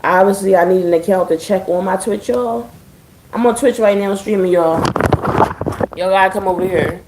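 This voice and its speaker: A woman's voice: mid-range voice, moderate pace, echoey room, very noisy. A woman streaming live from home, chatting casually with her viewers, swearing freely and keeping a dry, sarcastic edge. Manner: chatty, profane, addressing viewers as y'all.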